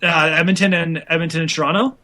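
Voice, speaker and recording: A man's voice: a little high, steady tone, fast talker, sharp tone. A young man co-hosting a casual hockey podcast, talking loosely with lots of fillers and laughter. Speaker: podcast co-host.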